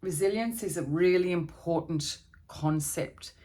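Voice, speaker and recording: A woman therapist giving a gentle, conversational talk on coping with anxiety, with frequent fillers and restarts. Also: on the low side, measured pace. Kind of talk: informal talk on anxiety strategies.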